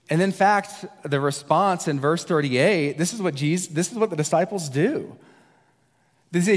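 Conversational guest preacher in a hall. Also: male voice, fairly high pitch, normal speed. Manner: conversational, jokey, acts out the disciples' voices. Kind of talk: sermon.

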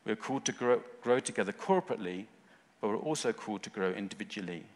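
A man's voice: fairly low pitch, animated, fast. A man preaching a sermon in short, earnest phrases, rising at times to fervent emphasis. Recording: long hall reverb.

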